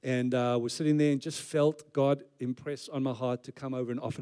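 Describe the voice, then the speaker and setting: A man's voice: mid-range voice, little pitch movement, brisk, dark tone, smooth. A man, preaching as a pastor in a conversational way with joking asides. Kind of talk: sermon.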